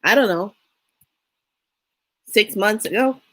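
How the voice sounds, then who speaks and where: Middle-aged woman, slow casual storyteller, lively quoted lines. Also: mid-range voice. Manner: unhurried, animated retelling with acted-out quotes. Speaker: spiritual reader and vlogger.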